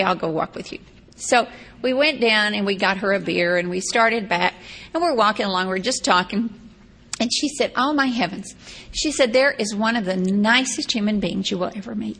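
A woman's voice: medium pitch, fairly bright tone. A woman from Texas, telling a rambling personal story with wry asides. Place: seated on a stage or chair.

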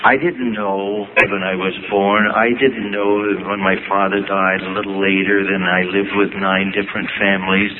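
Older man, from Ohio, wry reflective storyteller, slow pauses, thin phone-like sound, audible noise. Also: low voice, level tone. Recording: tinny phone-like audio with noise.

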